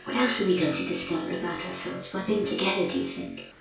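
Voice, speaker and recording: A man voicing a giggly, clumsy female robot sweetheart in a falsetto for an audiobook. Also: huge pitch swings, quick pace, vocal fry, heavily acted. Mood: chirpy. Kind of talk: audiobook character voice. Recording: echoey room, voice from afar, music behind.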